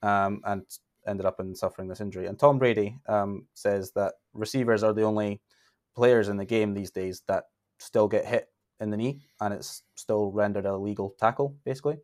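A man with a Northern English accent, co-hosting a casual sports podcast and talking with many pauses and fillers. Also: fairly low pitch, steady tone, a little mellow. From Northern England. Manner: hesitant, lots of fillers. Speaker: podcast co-host.

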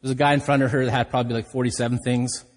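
A man's voice: mid-range voice, flat delivery, rapid-fire. A middle-aged man preaching a sermon as pastor, telling stories in a candid, self-deprecating way. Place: church hall. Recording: hall reverb.

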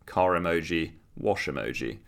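A young man with a very deep, gravelly voice. He co-hosts a podcast in loose, casual chat. He mocks what he reads out with a wry, dry edge. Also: animated, normal speed. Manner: wry and mocking, reading posts aloud with dry asides. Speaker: podcast co-host.

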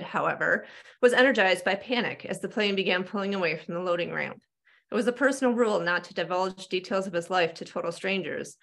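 A woman author reading her novel aloud in steady, measured narration over a video call. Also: lowish voice, gravelly.

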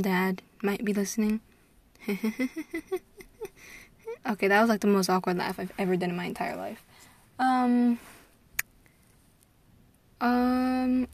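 A young American woman chatting in a loose, rambling way, jumping from thought to thought and giggling at herself. Her voice sits at an ordinary pitch, recorded close and dry with no room sound at all. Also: dry recording. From United States. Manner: scatterbrained, giggly, trails off and restarts. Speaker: vlogger. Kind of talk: rambling casual chat.

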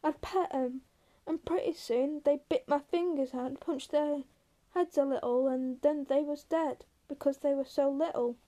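Woman reading as a gentle, childlike big man. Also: high-pitched, steady tone, moderate pace, hardly any pauses, close to an everyday voice. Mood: plaintive. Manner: plaintive, childlike.

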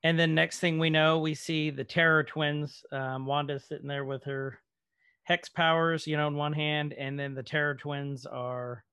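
Gravelly-voiced man recapping a show. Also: fairly high pitch, little pitch movement, normal speed, bright, forceful tone, dry recording, clean studio sound. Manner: rambling with many fillers. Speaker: podcast co-host. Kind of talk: casual chat, recapping a TV episode.

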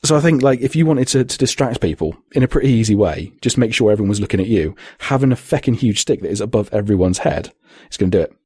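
Man, husky, lowish voice, dry sound, rambling podcast chat. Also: animated, fast, few pauses, mellow, dry recording. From Britain. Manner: rambling, sweary, laughs often. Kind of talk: casual chat.

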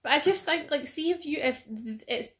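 A young Scottish woman in casual podcast chat, her voice sitting a little high. She rambles, laughs often and swears now and then as she talks to her co-host. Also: lively intonation, moderate pace.

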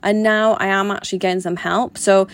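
A woman's voice: mid-range voice, level tone, fairly quick. Sweary woman chatting to camera. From Britain. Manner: chatty, swears a lot, frank. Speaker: vlogger. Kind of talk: casual monologue to camera.

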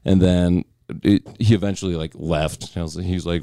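A comedian telling a story in casual chat, blunt and swearing. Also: male voice, low-pitched, fairly even intonation, quick pace, mellow, no echo, clean studio sound. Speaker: comedian guest.

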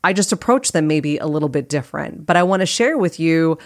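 A woman's voice: sits low, lively intonation, brisk, no room sound, clean studio sound. A woman hosting her own podcast as a life coach, talking earnestly and casually, often repeating phrases for emphasis. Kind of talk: casual solo podcast talk.

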